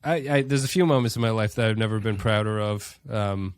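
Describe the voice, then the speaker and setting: A man's voice: lowish voice, fairly quick, clear, resonant tone, no echo, studio quality. A man in his thirties, sick with a cold, co-hosting a podcast in a joking, self-mocking way. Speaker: podcast co-host. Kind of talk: casual chat.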